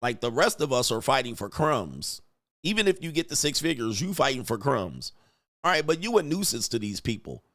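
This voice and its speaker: A man's voice: medium pitch, big pitch swings, moderate pace, a bit bright, dry recording, clean studio sound. A man hosting a livestream, ranting with constant swearing and mocking asides, reading chat messages aloud. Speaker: livestream host. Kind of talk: profane ranting commentary.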